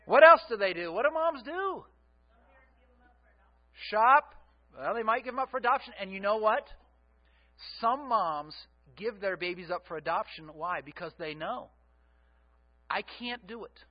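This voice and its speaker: A middle-aged male pastor preaching with a high voice. He keeps it conversational and asks the congregation to fill in the answers. The recording sounds dull and lo-fi. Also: normal speed. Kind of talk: sermon.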